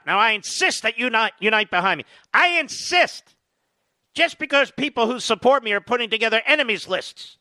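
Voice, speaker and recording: A man's voice: very high-pitched, sharp tone, no room sound, clean studio sound. A man reading a scripted political advertisement in an urgent, emphatic delivery. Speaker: ad announcer.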